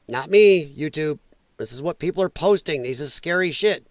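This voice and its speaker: A man with a high voice hosts a reaction commentary show, ranting angrily and repeating his points for emphasis. The sound is dry with no room around it. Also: lively intonation, normal speed, dry recording. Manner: emphatic, repetitive, angry ranting.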